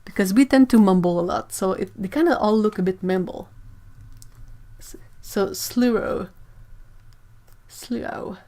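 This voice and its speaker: A woman's voice: mid-range voice, moderate pace, warm tone. A young woman, hosting a casual livestream chat, musing aloud and sounding out words with frequent laughs. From Quebec, Canada. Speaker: livestream host, artist.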